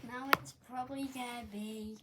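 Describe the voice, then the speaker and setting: A young woman chatting casually and rating toys, hesitant and giggly, often pausing on "um" and making playful sound effects. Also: fairly high pitch, fairly even intonation. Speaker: guest rating fidget toys. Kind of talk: casual chat. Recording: clear background noise.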